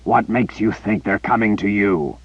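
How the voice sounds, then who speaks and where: A man reading an audiobook, voicing a menacing male emperor who speaks through a young soldier, deep and gravelly, slow and threatening. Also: no echo, dull audio.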